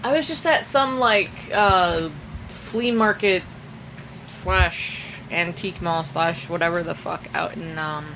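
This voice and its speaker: A young adult woman in casual chat, tossing off quick, wry and profane quips. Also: on the low side, background noise.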